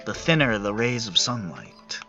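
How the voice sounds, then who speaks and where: A man narrating a tabletop game as game master over voice chat, halting and searching for words as he describes the scene. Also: on the low side, very animated, sharp tone, muffled recording, soft background music.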